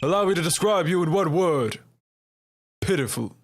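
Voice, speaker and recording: A man plays a cool, proud prosecutor who reasons aloud in a measured, deliberate way. His voice sits slightly high in this game fan dub. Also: lively intonation, soft background music. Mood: cutting.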